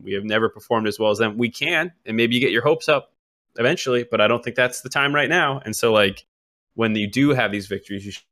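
A young man with a bright, forward tone co-hosts an esports talk show. He explains his views at length and thinks things through as he goes. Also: fairly low pitch. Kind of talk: casual esports discussion.

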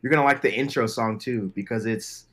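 A man's voice: mid-range voice, brisk, fairly bright tone. A man co-hosting a podcast in casual chat, eager and slangy, often repeating himself. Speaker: podcast co-host.

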